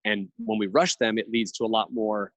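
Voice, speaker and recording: A reflective man in his thirties talks in long, earnest stretches, with a slightly low voice. He sounds close and dry, with no room sound around him. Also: normal speed, a bit bright, no echo, lo-fi sound. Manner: earnest, reflective, speaks in long thoughtful runs. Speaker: podcast guest. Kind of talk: casual conversational interview.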